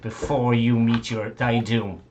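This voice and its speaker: A man voicing a gloating evil old sorceress in a tabletop game, speaking in a slow, mocking way. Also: mid-range voice, flat delivery, darkish tone, slight background noise, natural voice.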